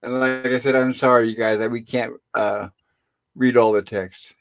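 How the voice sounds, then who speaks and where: A middle-aged man hosts a casual online show, walking listeners through an old sitcom episode scene by scene. His voice sits at an ordinary pitch for a man. He rambles, pausing and filling gaps as he goes. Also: little pitch movement. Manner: rambling retelling with pauses and fillers. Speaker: host. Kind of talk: casual episode recap on a live stream.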